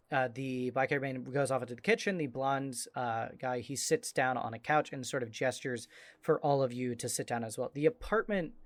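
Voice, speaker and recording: Relaxed male game master, dry sound. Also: mid-range voice, no room sound. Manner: relaxed, descriptive, with many "uh" fillers. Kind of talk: narrating a tabletop role-playing game.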